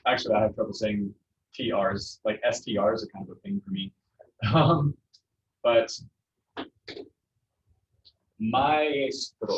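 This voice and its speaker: A man's voice: on the low side, sing-song, moderate pace, vocal fry. A man teaching a Spanish class, explaining patiently with many fillers and restarts. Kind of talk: classroom lesson. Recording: dull lo-fi classroom recording with faint noise.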